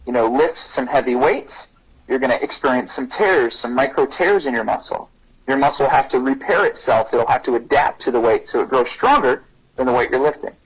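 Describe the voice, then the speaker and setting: Male guest speaker, thirties, lively storyteller who acts out quotes, husky tone. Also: poor audio. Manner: animated, pitches up to act out quotes. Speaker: guest speaker on parenting and resilience. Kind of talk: conversational podcast storytelling.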